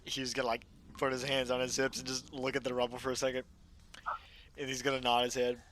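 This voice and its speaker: Bright-voiced young male player. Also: medium pitch, monotone, brisk, slight background noise. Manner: casual, laughing. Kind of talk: tabletop game play.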